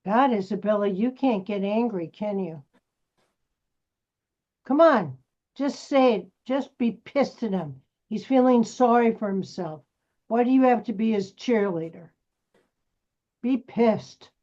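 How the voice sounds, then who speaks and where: A woman's voice: fairly high pitch, a little slow, pauses often, mellow. Brash acting teacher, woman, lo-fi sound. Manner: brash, teasing, pushy. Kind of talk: coaching a scene rehearsal. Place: acting class studio. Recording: dull lo-fi recording.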